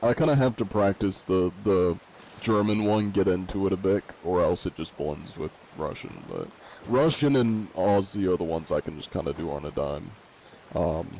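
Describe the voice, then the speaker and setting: A man's voice: deep voice, expressive, moderate pace, gravelly, a little mellow, a little hiss or hum, poor audio. A male streamer chatting casually while he plays, laid-back and laughing often. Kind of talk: casual gameplay chat.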